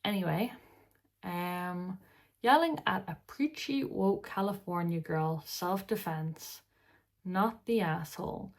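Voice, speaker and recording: A woman's voice: fairly low pitch, takes it slowly. A tired woman in her twenties with an Irish accent, chatting casually and reading posts aloud for a reaction vlog, rambling with wry asides. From Ireland. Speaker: vlogger.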